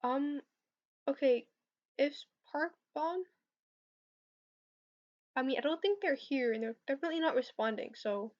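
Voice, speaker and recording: A woman's voice: sits high, measured pace, pauses often, darkish tone. A young woman answering viewer questions about competitive programming on a casual livestream, hesitant with lots of fillers. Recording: slightly dull lo-fi stream audio.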